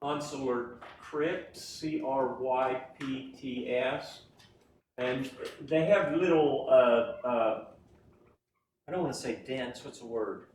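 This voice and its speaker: A man's voice: medium pitch, slow, darkish tone, a little hiss or hum. A man giving a classroom anatomy lecture in a folksy way, often checking in with the class. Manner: folksy, keeps checking in with "right?" and "okay?". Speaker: anatomy instructor. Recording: echoey room, voice from far off.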